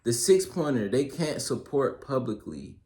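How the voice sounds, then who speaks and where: A man's voice: mid-range voice, sing-song, measured pace, warm tone. Slangy young man with a roomy echo. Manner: loose slangy delivery, many fillers and "you feel me"; works through a list of pointers, reading some aloud. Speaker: YouTuber giving advice. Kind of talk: casual solo advice talk.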